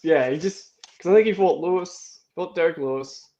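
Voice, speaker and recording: Higher-voiced man on a dull, muffled mic. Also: moderate pace, mellow. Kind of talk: casual chat.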